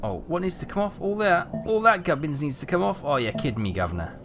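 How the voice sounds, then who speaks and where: A man's voice: a little high, big pitch swings, quick pace, over music. A British man giving chatty, rambling live commentary while streaming a game, with dry joking asides.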